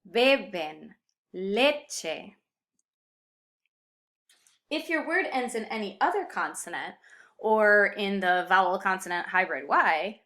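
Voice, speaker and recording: Bright-voiced woman teaching a lesson. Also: medium pitch. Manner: clear, upbeat explaining with Spanish example words. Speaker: Spanish teacher. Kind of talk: explanatory video lesson.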